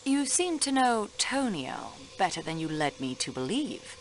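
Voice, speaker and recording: An actress playing a sharp young female railway clerk questioning suspects in a video game, precise and polite. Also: mid-range voice, sing-song, unhurried, slight background noise. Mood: probing.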